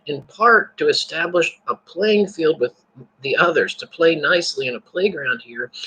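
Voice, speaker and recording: Raspy bright-toned man rambling to viewers. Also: on the high side, low-quality recording. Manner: rambling, repeats words and restarts, laughs to himself. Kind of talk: casual spoken monologue.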